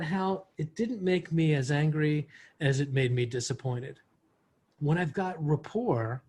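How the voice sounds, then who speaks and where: Male workshop instructor, husky, slightly high, explanatory, video-call sound. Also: a little mellow. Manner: explanatory, gives worked examples. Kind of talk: online workshop teaching.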